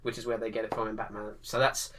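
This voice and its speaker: A man, a podcast co-host, talking in a casual, animated way, laughing often and acting out lines. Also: fairly low pitch, fast talker. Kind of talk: casual chat.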